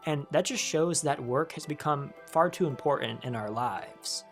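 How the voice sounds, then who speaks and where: A calm narrator speaking a reflective, scripted voice-over at a medium pitch. The delivery stays conversational and unhurried, with faint music playing softly underneath. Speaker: video essayist.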